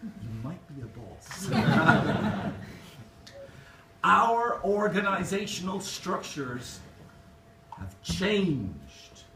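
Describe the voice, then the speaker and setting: Animated man in an echoey hall. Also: high voice, slow pace. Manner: animated, jokey, addresses crowd directly. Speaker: keynote speaker. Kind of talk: motivational conference talk. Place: conference hall. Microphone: distant camera mic. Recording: echoey hall, distant mic, noisy room.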